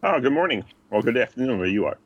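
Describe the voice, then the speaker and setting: A man being interviewed as a podcast guest, speaking in a halting way with many ums. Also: medium pitch, sing-song, husky. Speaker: guest, conference organizer. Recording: dull lo-fi call line.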